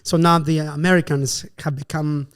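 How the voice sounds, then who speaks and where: A man from Greece, a guest comedian, improvising a story fast and animatedly and voicing the characters' lines. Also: on the high side. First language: Greek. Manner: rapid, animated storytelling with voiced quotes.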